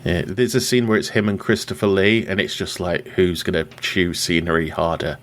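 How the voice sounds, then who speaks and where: Man, podcast host, casual film recap, wry and chatty, fairly low voice. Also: steady tone, moderate pace, fairly bright tone. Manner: wry, chatty, laughs at his own jokes.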